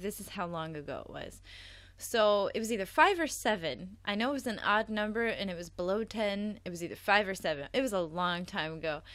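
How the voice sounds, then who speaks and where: A woman's voice: medium pitch, a bit bright, dry recording. A young woman hosting a casual gaming podcast who chats and giggles often. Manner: giggly, chatty. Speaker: podcast host.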